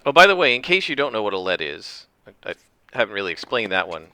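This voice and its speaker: A man giving casual commentary over his own tennis game, explaining the rules at length and rambling with restarts and throat clearing. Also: fairly low pitch, big pitch swings, quick pace, pushed and bright, no room sound. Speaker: gameplay commentator. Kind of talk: casual let's-play commentary.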